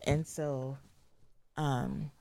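A woman's voice: very deep voice, sing-song, extremely slow, dark tone, no room sound. A young adult woman co-hosting a casual marriage podcast, talking emotionally and hesitantly, close to tears. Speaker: podcast co-host. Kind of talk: casual chat.

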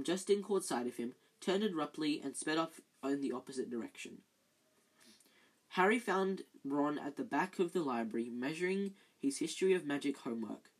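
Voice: medium pitch, husky, poor audio. A reader narrating a children's novel, stumbling over words and correcting themselves. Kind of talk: amateur audiobook reading.

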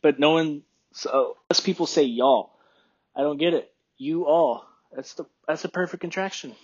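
A man from Texas hosting his podcast in a rambling, relaxed chat, with a phlegmy throat he keeps clearing. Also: on the high side, moderate pace, dull audio. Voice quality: phlegmy, husky. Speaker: podcast host. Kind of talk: casual solo podcast chat. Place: room by a window.

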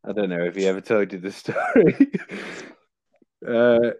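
A man's voice: lowish voice, wildly swooping pitch, moderate pace, darkish tone. A man, a podcast guest, telling stories in casual chat with many fillers and restarts. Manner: rambling storytelling with many fillers.

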